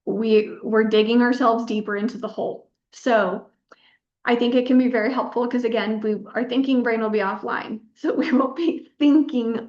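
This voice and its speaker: A woman's voice: fairly high pitch, fairly even intonation, moderate pace. A woman in her thirties giving a workshop as a pelvic health physical therapist, encouraging and repeating words for emphasis. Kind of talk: workshop presentation. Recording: echoey room, dull lo-fi sound.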